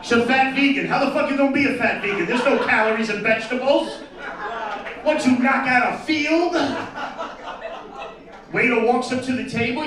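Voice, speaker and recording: A man's voice: very high-pitched, moderate pace, pauses often. A man doing a crude, brash stand-up set and teasing the crowd at a live event. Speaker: stand-up comedian. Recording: echoey distant mic with crowd. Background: audience chatter and laughter.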